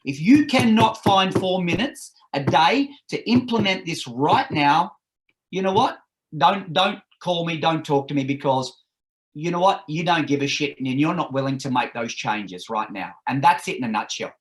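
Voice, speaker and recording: Blunt higher-voiced energy coach. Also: male voice, animated, moderate pace. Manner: forceful, blunt, instructive, swears. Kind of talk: podcast interview advice.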